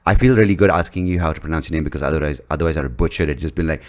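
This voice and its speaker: A man's voice: a bass voice, very fast. A man from India, hosting a podcast in a casual, rambling and profane way, often laughing at his own jokes. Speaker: podcast host.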